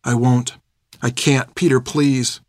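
A man's voice: mid-range voice, flat delivery, takes it slowly, a little mellow, dry recording, clean studio sound. A man voicing a desperate young orphan girl who pleads tearfully. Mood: pleading.

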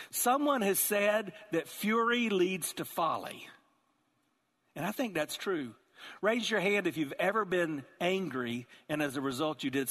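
Male pastor, fairly high voice, lively storytelling sermon, big church reverb. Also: unhurried. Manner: animated storytelling, acting out characters.

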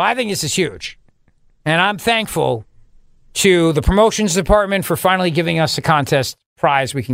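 A male radio host with a fairly high voice who rambles through sarcastic bits and keeps laughing at his own jokes. He is recorded close on a dry studio microphone. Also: vocal fry, fairly bright tone, dry recording. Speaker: radio talk show host. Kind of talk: joking radio banter.

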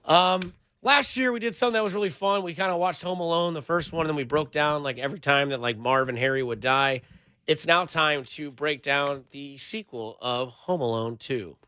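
Energetic, bright-voiced sports radio host man. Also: fairly high pitch, normal speed, clean tone, no room sound, clean studio sound. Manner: energetic, playful. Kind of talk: radio show banter.

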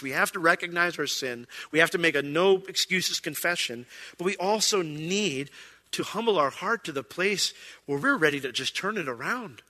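A man preaching a sermon as pastor, animated and acting out quoted lines. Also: on the high side, in a large hall.

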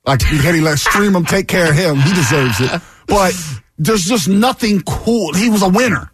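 A man co-hosting a sports radio show with a husky voice, teasing bluntly and playfully arguing the other side. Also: high-pitched, animated, moderate pace, noisy background. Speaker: radio co-host. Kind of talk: casual studio banter. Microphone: studio microphone.

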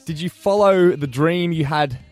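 A man's voice: fairly high pitch, moderate pace, faint music behind. A young Australian man co-hosting a breakfast radio show, chatty and jokey, telling stories in casual banter. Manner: chatty and jokey, lively storytelling.

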